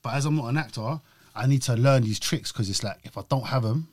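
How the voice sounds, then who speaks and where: A young man with a London accent, chatting casually as an actor guest, animated and slangy, often laughing. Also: mid-range voice, quick pace, dry recording, clean studio sound. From London, England. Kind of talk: casual chat.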